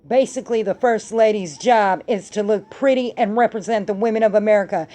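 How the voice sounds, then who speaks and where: Middle-aged woman host, mellow dark voice, fired up and cussing a lot. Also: medium pitch, a little fast, few pauses. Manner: angry, profane ranting. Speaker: podcast host. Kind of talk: heated political commentary.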